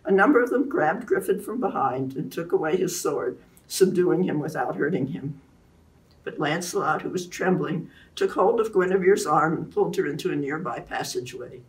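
A woman author introducing and reading aloud from her own novel in a clear, animated way. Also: deep voice, normal speed, recorded from a distance.

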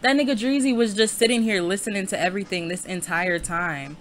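A woman's voice: medium pitch, brisk, slight background noise. A young adult woman giving casual, laughing gameplay commentary, chatting to viewers with lots of slang and cursing. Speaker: Let's Play creator.

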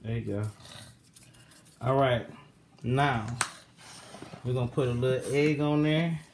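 A man's voice: medium pitch, slow. Man, casual home-kitchen vlogger, mid voice, encouraging coach tone, light background noise. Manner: coaxing, patient, calls out directions. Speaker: vlogger teaching kids to cook. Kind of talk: casual vlog instruction.

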